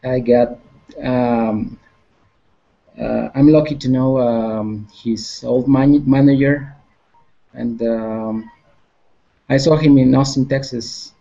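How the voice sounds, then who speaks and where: A man talking as a guest on a casual guitar chat, halting and hesitant, with many fillers. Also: medium pitch, fairly even intonation, gravelly, mellow, muffled recording.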